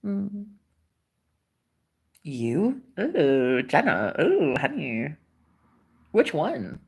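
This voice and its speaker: A woman's voice: low-pitched, wildly swooping pitch, gravelly, dark tone, husky, pitched below the performer's own voice, full character voice. A woman voicing a mocking female inner critic in a taunting whisper, drawing out her words. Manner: taunting, drawn-out.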